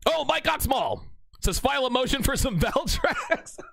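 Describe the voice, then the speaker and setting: A young man hosting a livestream, reading out chat messages with animated, joking banter and mock courtroom lines. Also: very high-pitched, moderate pace, gravelly, dry recording.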